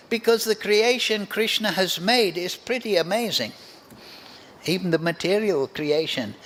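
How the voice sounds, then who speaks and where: Slow, deliberate man teaching scripture. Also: a little high, a bit bright, slight background noise. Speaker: spiritual teacher. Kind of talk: devotional scripture class.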